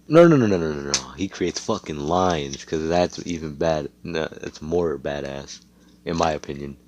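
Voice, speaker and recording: A young man with a deep voice tells an improvised fan story. He rambles in a profane, slangy way and keeps correcting himself as he goes. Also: steady tone, unhurried, a little hiss or hum.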